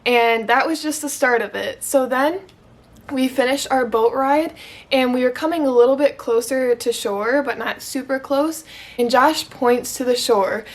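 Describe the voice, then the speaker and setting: A woman's voice: sits high, unhurried. A young woman from Michigan telling her proposal story to the camera, gushing and emotional, with lots of "like.". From Michigan, USA. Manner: gushing, emotional, heavy use of "like". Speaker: vlogger.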